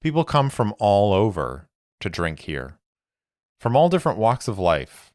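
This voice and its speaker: A man voicing a cryptic woman spy from a secret order, calm, measured and faintly teasing. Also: lowish voice, no room sound, studio quality, pitched above the performer's own voice. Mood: cool, cryptic.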